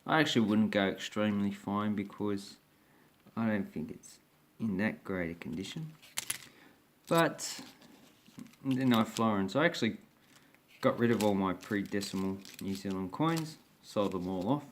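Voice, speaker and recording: Unhurried and lowish in pitch, a man chats his way through his coin collection on his own channel, rambling, hesitant and restarting often. A little hiss or hum sits in the audio.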